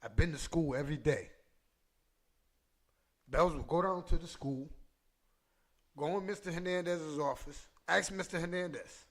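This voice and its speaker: A man with a slightly high voice tells a personal story on his podcast, heavy on street slang and repeated lines. He sounds emotional and close to choking up as he talks. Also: measured pace, long pauses. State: emotional, choked up. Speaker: podcast host.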